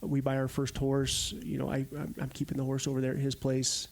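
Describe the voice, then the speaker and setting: A man's voice: mid-range voice, monotone, fairly quick, vocal fry, a little mellow. A man in his forties from Arizona, a podcast guest telling stories casually and animatedly, acting out the quotes. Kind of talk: casual storytelling.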